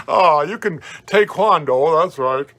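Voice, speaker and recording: A man's voice: a little high, pushed and bright, heavily acted. A man playing a happy hobo clown as guest host of a family comedy show, rambling folksy stories and corny jokes. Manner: rambling, folksy, jokey, chuckling.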